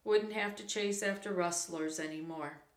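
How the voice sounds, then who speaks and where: A woman's voice: lowish voice, moderate pace, natural voice. A woman reading aloud voices a friendly adult male cowboy who herds horses, speaking in an easygoing drawl with cowboy slang. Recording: roomy echo.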